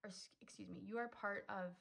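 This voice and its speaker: A woman's voice: mid-range voice, steady tone, brisk, gravelly, a bit bright, low-quality recording. Chatty young woman giving a tarot reading. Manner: chatty, full of "um" and "like", emotional and effusive. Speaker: tarot reader. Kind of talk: casual pick-a-card tarot reading.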